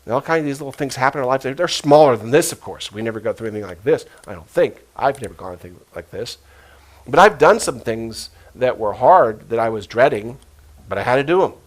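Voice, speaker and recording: A middle-aged man preaching a sermon as a pastor, telling stories earnestly and dropping to a hush for quoted voices. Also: medium pitch, expressive, fast. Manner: earnest storytelling, emotional retellings with hushed quoted voices.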